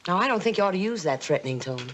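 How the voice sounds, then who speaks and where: An actress playing an insinuating, scolding middle-aged aunt, in 1950s TV drama style. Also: female voice, fairly low pitch, animated, very fast. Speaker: aunt Mildred. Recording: hissy old TV soundtrack.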